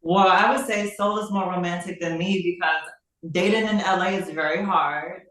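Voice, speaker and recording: A woman's voice: fairly low pitch, steady tone, normal speed, a bit bright. A woman actress answering interview questions in an earnest, reflective way. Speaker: actress guest. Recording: echoey room, far from the mic.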